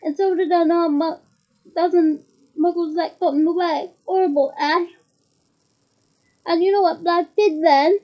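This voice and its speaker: A man's voice: very high-pitched, steady tone, unhurried, pauses often. Woman doing a gossipy young bus conductor. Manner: gossipy, relishing a dramatic tale. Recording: muffled lo-fi recording.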